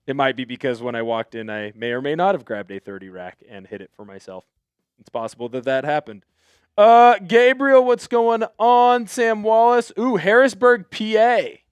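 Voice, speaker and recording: A man's voice: high-pitched, expressive, moderate pace, clean tone, dry recording. A man hosting a live sports stream, greeting chat viewers in an upbeat, chatty way. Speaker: host.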